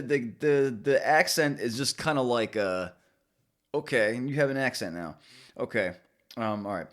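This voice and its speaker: A man's voice: medium pitch, fairly bright tone. Laughing, rambling young male podcast host. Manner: rambling, laughing, stumbles over words. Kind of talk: casual comedic commentary on news.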